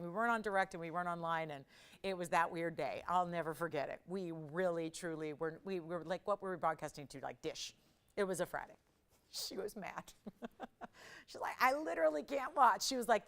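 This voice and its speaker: A woman hosting a live jewelry shopping show, chatting and telling stories as she pitches a ring, laughing often. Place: TV studio.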